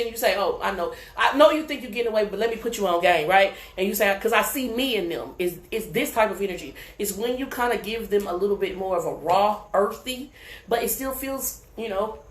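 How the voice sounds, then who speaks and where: A woman giving a live tarot reading in a casual, profane, chatty way, often checking in with the listener. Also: medium pitch. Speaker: tarot reader. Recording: echoey room, faint background noise.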